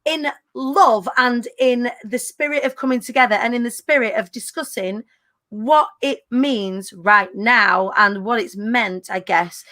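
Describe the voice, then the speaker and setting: A woman's voice: a little high, a little slow, bright, forceful tone. A woman, hosting a casual live-stream chat in a bubbly way, full of British slang. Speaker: host.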